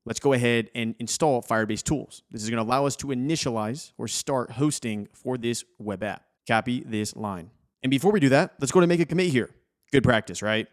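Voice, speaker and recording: A young adult man hosting a screen-recorded coding tutorial, casual and encouraging as he talks viewers through each step. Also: fairly low pitch.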